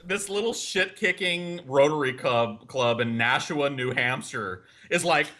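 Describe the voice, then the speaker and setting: Brief: sharp, bright-toned guy on a podcast, cussing and joking. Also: medium pitch, measured pace. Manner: crude, mocking. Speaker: podcast co-host. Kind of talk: casual chat reacting to clips.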